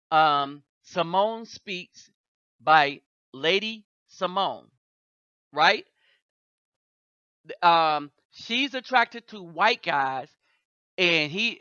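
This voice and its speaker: Slow, lecturing male commentator, lo-fi. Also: sits high, bright, forceful tone, clean tone, no room sound. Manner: slow, repetitive, lecturing with "right?" asides. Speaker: commentary channel host. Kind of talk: reaction commentary. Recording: dull, lo-fi and dry.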